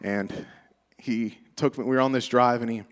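A man's voice: medium pitch, steady tone, moderate pace. Man telling a story in a reverberant church. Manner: storytelling, conversational, laughing often. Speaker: church member giving a tribute. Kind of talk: testimony speech to a congregation. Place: church sanctuary.

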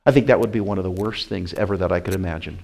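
Male pastor, conversational sermon, rises to loud emphatic peaks, drops to quiet asides, asks the room questions. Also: low voice, racing, creaky. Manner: conversational, repeats phrases, asks the congregation questions. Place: church.

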